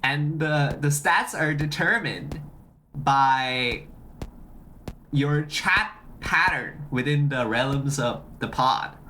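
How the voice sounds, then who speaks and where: A streamer chatting casually on a live stream, excitable and often repeating phrases while greeting chat. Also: medium pitch, takes it slowly, a little hiss or hum.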